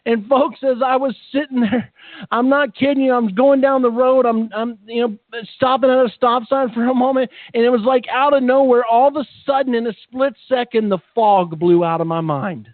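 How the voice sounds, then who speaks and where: A man telling his conversion story as a testimony, fervent and halting, often repeating words. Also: very high voice, fairly even intonation, no echo. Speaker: testimony speaker. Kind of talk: emotional personal testimony. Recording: tinny phone-like line, dry.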